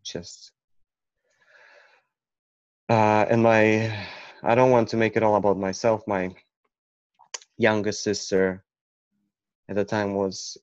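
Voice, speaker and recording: Man from Ukraine, personal storyteller, halting delivery, low and unhurried. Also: little pitch movement, no echo. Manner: halting, with many restarts. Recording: dull, muffled recording.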